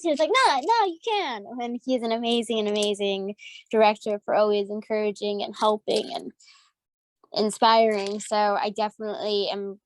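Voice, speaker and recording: A woman from the United States, a voice actress, chatting in an upbeat, effusive way with frequent fillers. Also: fairly high pitch. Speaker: voice actress guest. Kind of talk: casual interview.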